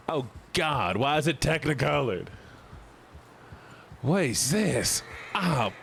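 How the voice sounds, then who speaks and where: A young man streams a game and talks to his chat, joking and swearing freely. His pitch jumps around a lot, and a faint hiss sits behind his voice. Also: big pitch swings, takes it slowly, vocal fry, pauses often, fairly bright tone. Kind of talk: casual live-stream gaming commentary.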